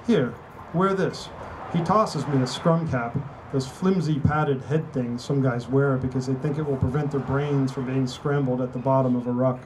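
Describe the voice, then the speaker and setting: A man's voice: mid-range voice, fairly even intonation, normal speed, hardly any pauses, darkish tone, a little hiss or hum, low-quality recording. A man, an author, reading his novel aloud in a wry, conversational storytelling manner at a book party. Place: indoor venue at a book party.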